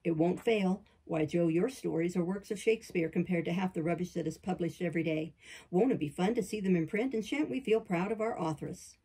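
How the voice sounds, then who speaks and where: A teasing, good-natured young man, as a woman reading aloud plays him, his voice dropped low and coaxing. The tone is gravelly and very husky, warm and mellow. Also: a little fast, low-quality recording. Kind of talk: audiobook character reading.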